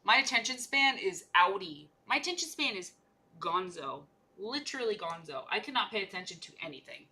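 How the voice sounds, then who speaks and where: Bright, playful young woman streamer. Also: medium pitch, sing-song, a little fast, a little hiss or hum. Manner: rambling, playful, jokey. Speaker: streamer painting miniatures. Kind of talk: casual livestream chat.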